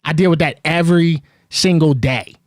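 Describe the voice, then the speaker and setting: A man hosting a live sports call-in show, arguing back in an animated way that gets loud. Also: fairly high pitch, moderate pace, no room sound, studio quality. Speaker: host.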